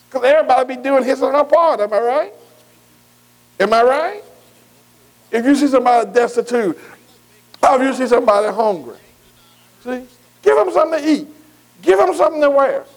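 High-voiced preacher calling for agreement. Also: male voice, poor audio. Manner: call-and-response, repeatedly asking the congregation for agreement; folksy, colloquial Southern US grammar. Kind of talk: sermon.

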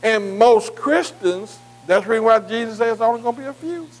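A man with a high voice teaches a Bible class the way a preacher delivers a sermon. He talks earnestly and in plain, informal speech. He keeps leaving words for his listeners to fill in and checks in with them again and again. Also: animated, very fast, poor audio. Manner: call-and-response fill-in questions; repeated "am I right?" checks with listeners.

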